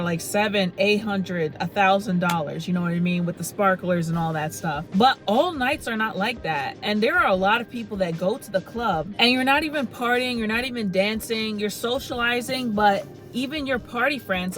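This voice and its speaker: A woman's voice: medium pitch, a bit bright, poor audio. A woman in her thirties giving a casual spoken movie review, rambling and chatty with lots of "like" and "you know". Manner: chatty storytelling, heavy use of "like" and "you know".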